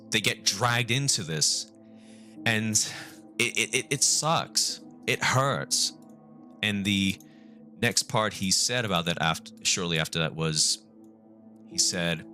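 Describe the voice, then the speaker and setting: A young man speaks on a live stream in a fairly low, bright, forward voice. He halts, repeats himself and swears, aiming for a calm, measured tone. Faint music plays behind him. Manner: halting, remorseful, repeats and restarts; swears often. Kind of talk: casual live-stream talk.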